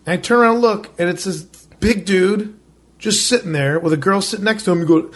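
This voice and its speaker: A man's voice: high voice, brisk. A man co-hosting a podcast, telling a casual story with lots of "like", swearing freely and acting out other people's lines. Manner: loose and profane, lots of "like". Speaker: podcast co-host. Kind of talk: casual chat.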